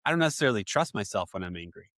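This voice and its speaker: A man's voice: fairly low pitch, big pitch swings, racing, fairly bright tone, no room sound, studio quality. Reflective man hosting a dads podcast. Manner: reflective, acts out quoted parent moments. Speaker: podcast host, father. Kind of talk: casual podcast conversation.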